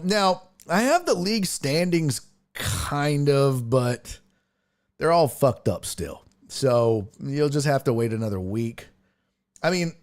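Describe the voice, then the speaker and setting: A man hosting a sports podcast, casually teasing listeners and reading out fantasy league scores. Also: fairly high pitch. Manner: playful teasing, reads fantasy league results. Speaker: podcast host.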